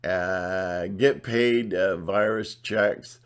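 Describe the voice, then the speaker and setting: A man's voice: sits low, steady tone, very slow, clean tone. A middle-aged man ranting in a blunt, sarcastic monologue, rambling with restarts and putting on mocking voices. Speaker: channel host.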